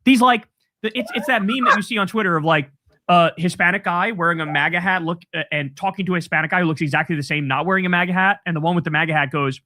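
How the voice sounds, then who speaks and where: High-voiced man ranting, dry close sound. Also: quick pace, pushed and bright, no echo. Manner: profane, scornful, emphatic. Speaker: political commentator. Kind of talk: heated political rant.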